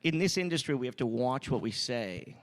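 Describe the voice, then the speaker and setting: Brief: male podcast guest, gravelly, playful and curious. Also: medium pitch, expressive, brisk, big-room sound. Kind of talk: casual comedy chat.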